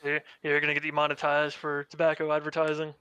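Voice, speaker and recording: A man talks through his win in a post-race interview at a rapid, rambling clip. His voice is bright and crisp, a little higher than most men's, with a flat, level delivery. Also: no echo. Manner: rapid, rambling, filler-heavy recap. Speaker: race winner, sim racing driver.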